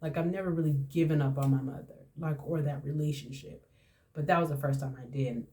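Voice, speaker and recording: A woman's voice: low-pitched, steady tone, a little fast, dark tone. A woman around forty hosting a podcast, telling a personal story in a candid, emotional way and often repeating herself. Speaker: podcast host.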